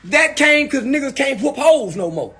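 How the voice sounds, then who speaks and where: High-pitched man ranting loudly. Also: moderate pace, reverberant. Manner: animated, profane storytelling with loud outbursts. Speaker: commentator. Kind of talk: ranting monologue.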